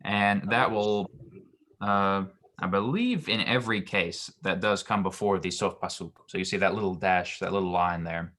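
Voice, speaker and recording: A man tutoring Hebrew grammar, explaining slowly with many ums and restarts. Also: deep voice, pushed and bright.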